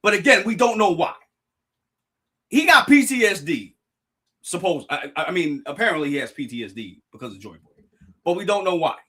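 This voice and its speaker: A young man live-streaming a reaction, talking excitedly, stumbling over words and thanking his chat. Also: high-pitched, a little fast, long pauses, slightly rough. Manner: excitable, restarts and apologizes, addresses chat. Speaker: streamer reacting to a manga chapter.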